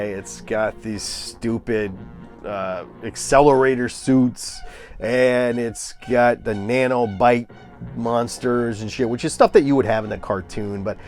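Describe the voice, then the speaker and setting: A man's voice: medium pitch, darkish tone. Ranting man reviewing movies. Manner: ranting, scoffing, many fillers and restarts. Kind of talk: casual opinionated review.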